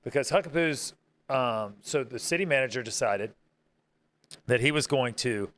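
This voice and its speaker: A man who owns a bar, talking in a casual podcast chat, halting and repeating words as he searches for them. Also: medium pitch, expressive, a bit bright. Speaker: bar owner.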